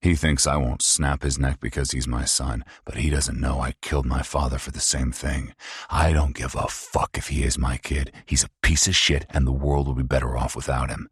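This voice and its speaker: A middle-aged man narrating an audiobook in the first person, grim and measured. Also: rumbling low, level tone, breathy edge, no echo, clean studio sound.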